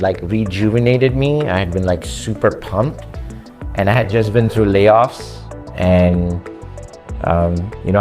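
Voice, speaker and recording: A man with an accent telling his story to a coach in an earnest, halting conversational way, with frequent fillers. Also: fairly low pitch, a little mellow. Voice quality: speaks with an accent. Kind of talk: casual conversation.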